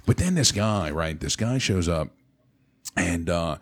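A man's voice: sits low, a little slow. A man telling a story in casual podcast chat, laughing often and acting out the voices of the people in it. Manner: animated storyteller, laughs often, acts out quotes.

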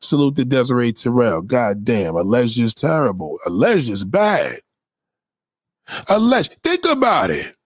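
Profane animated male livestream host. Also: mid-range voice, measured pace, husky, dry recording, clean studio sound. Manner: profane, animated, acts out quoted voices. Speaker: live stream host. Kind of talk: casual livestream rant.

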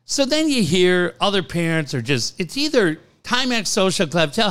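A man's voice: sits high, big pitch swings, moderate pace, hardly any pauses, a bit bright, clear, resonant tone. A man co-hosting a podcast, telling stories in a casual chat, swearing freely and laughing as he goes. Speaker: podcast co-host.

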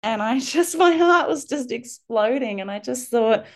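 A middle-aged woman, a guest on a parenting podcast, telling a personal story with lively, animated delivery. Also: a little high, a little slow. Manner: warm, animated storytelling, acting out children's voices.

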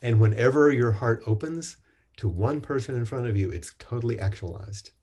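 A man leading a spiritual talk and group chanting, speaking gently and encouragingly with halting restarts. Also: medium pitch, animated, husky. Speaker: Zen teacher.

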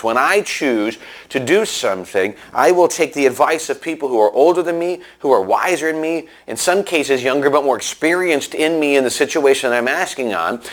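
Man, preacher, conversational sermon, animated storytelling, mid-range pitch.

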